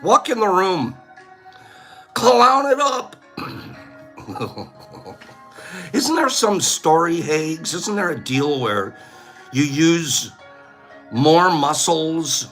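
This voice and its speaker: A man's voice: a little high, fairly bright tone. A middle-aged man hosting a casual chat, goofy, often laughing and breaking into silly bird calls. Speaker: host.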